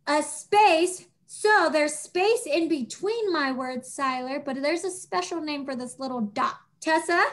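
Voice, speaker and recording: High-voiced teacher coaxing young kids. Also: female voice, a bit bright. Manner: patient, encouraging, slow and clear. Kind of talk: online class teaching young children. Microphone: video call.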